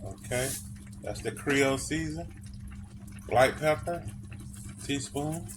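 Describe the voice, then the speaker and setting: A man's voice: mid-range voice, takes it slowly. A man, casually walking viewers through a cooking recipe, repeating phrases and calling them y'all. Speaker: cooking vlogger. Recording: clear background noise.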